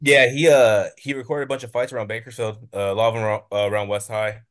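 A man's voice: mid-range voice, little pitch movement, fast, a bit bright. A man in a casual podcast chat, talking in short, laid-back remarks. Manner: brief, laid-back interjections.

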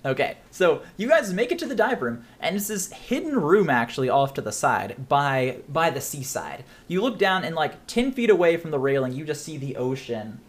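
A man's voice: on the high side, big pitch swings, normal speed, hardly any pauses. A man narrating as game master of a tabletop game, chatty and rambling with frequent laughs.

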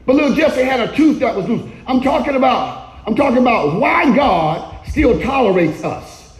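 A male pastor preaching a sermon in a church, shouting often and calling for the congregation to respond. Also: extremely high pitch, animated, moderate pace, roomy sound, rough recording.

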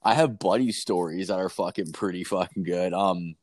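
A man's voice: deep voice, normal speed, darkish tone. A young man from Canada telling rambling stories in casual chat, full of swearing and fillers.

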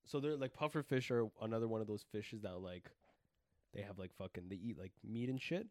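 A young man co-hosting a podcast in loose, excitable casual chat, full of fillers and swearing. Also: on the low side, a little fast, no echo, studio quality. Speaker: podcast co-host.

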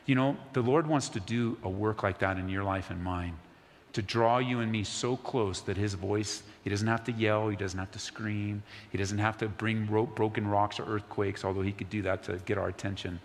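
A man preaching a sermon as pastor, earnest, sometimes dropping to a soft, near-whispered voice. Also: lowish voice, normal speed, slight background noise. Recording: long hall reverb, faint ambience.

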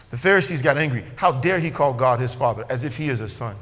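A pastor preaching to his church, a man with a bright, forceful tone and a fairly high voice. He swings between loud emphatic lines and quiet asides. His voice rings with the long reverb of a large hall. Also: fast talker, hardly any pauses. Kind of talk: sermon.

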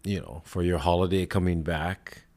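A man's voice: low voice, steady tone, normal speed, darkish tone. A man hosting a podcast, telling stories in a rambling, laid-back way and swearing often. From Hawaii. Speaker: podcast host. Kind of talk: casual chat.

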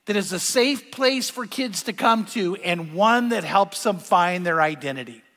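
A man's voice: high-pitched, bright, forceful tone. An older man preaching a sermon, telling stories and asking the congregation questions. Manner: storytelling, asks the audience questions. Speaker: pastor. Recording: long hall reverb.

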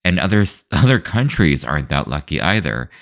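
A man's voice: rumbling low, big pitch swings, moderate pace, fairly bright tone, no echo, studio quality. A man hosting his own show, talking alone in a loose, rambling way, full of fillers, restarts and hedging asides. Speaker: show host. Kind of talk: solo opinion rant.

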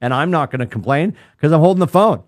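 A middle-aged man co-hosting a podcast in casual chat, rambling and animated with lots of restarts. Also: fairly high pitch, quick pace, dry recording, clean studio sound. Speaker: podcast co-host.

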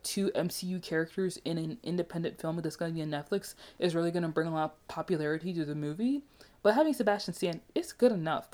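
A woman giving a casual, animated movie review, chatty and emphatic with frequent asides. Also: lowish voice.

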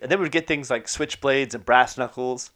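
A man tells a personal anecdote in a quick, loose, conversational way, dropping curses and fillers as he goes. His voice sits at an ordinary middle pitch, and he breaks into short laughs between beats. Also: fairly bright tone. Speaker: storyteller. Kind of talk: personal anecdote, casual storytelling.

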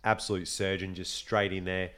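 Australian male co-host, animated storyteller, casual and profane. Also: sits low, moderate pace. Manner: animated storyteller, swears freely. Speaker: podcast co-host. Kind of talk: casual chat.

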